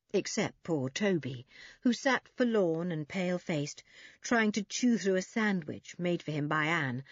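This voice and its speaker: Brief: low-voiced woman storyteller, very lively intonation, dull dry recording. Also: slightly rough, dry recording. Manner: expressive. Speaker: audiobook narrator. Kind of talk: scripted narration of a children's book.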